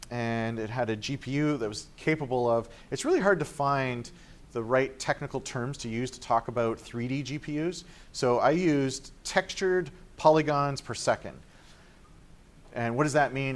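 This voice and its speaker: A man giving a casual classroom lecture, chatty and full of fillers, acting out quoted reactions. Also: mid-range voice. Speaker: teacher.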